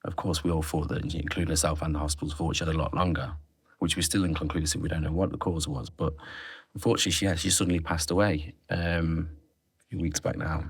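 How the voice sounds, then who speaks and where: Man, podcast guest, low voice, dry close sound, reflective, halting phrasing. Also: fairly even intonation, husky, no room sound. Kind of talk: candid interview conversation.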